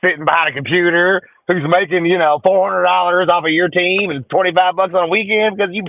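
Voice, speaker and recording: A man's voice: sits high, steady tone, fast, slight background noise. A middle-aged man, a podcast guest and social media creator, chatting casually and telling jokey stories in which he acts out other people. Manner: joking, storytelling, acts out other people's voices. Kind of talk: casual chat. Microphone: phone call. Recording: dry tinny phone-like line.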